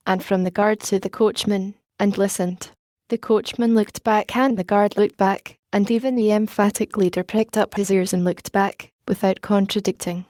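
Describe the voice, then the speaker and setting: A woman narrating a classic novel in a steady, measured storytelling manner. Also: mid-range voice, no echo, studio quality. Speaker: audiobook narrator.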